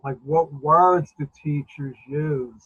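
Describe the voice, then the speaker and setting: A man's voice: a little high, fairly even intonation, takes it slowly, a bit bright, husky, dull audio. A man on a casual call who chips in with short agreements and eager questions. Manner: brief interjections and eager questions. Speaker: call participant.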